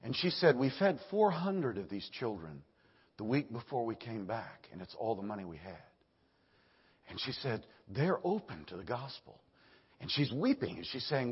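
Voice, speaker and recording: An older man preaching a sermon, hoarse from singing, swinging from loud emphatic bursts to hushed storytelling. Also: mid-range voice, sing-song, normal speed, muffled recording. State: hoarse, voice nearly gone. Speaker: Baptist preacher.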